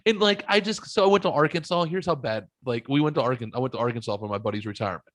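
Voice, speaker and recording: A man hosting a casual podcast, rambling through stories with plenty of swearing. His pitch sits in the middle of the range but jumps high when he imitates other people. The recording is dry and close. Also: racing, dry recording. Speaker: podcast host. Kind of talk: casual chat, storytelling.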